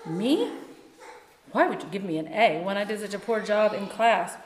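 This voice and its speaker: A woman's voice: mid-range voice, animated, normal speed, a little hiss or hum, natural voice. A woman voicing a despairing, ashamed young male student in a read-aloud story. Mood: astonished. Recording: echoey room with long reverb.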